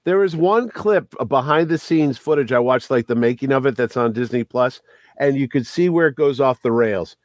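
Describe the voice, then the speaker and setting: A man's voice: mid-range voice, expressive, moderate pace, no room sound. Man chatting casually, dry close sound. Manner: storytelling, acts out quotes. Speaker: podcast co-host. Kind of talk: casual chat about movies and TV.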